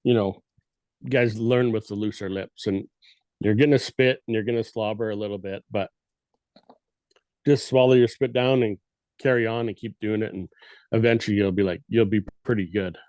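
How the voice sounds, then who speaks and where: A man's voice: fairly low pitch, steady tone, moderate pace, darkish tone, no echo. Man explaining elk calls on a dry mic. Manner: demonstrates elk calls with his voice. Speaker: guest elk calling expert. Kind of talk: casual podcast explanation.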